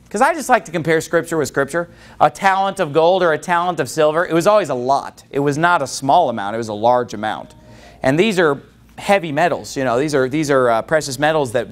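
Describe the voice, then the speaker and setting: High-voiced preacher who breaks into shouts. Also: male voice. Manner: rising to shouts when worked up. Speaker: pastor. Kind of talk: fiery sermon.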